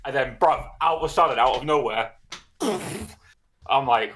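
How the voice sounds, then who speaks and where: A man's voice: medium pitch, moderate pace, fairly bright tone, slight background noise. A man co-hosting a podcast, telling a story in casual chat, swearing and laughing often. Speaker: podcast co-host.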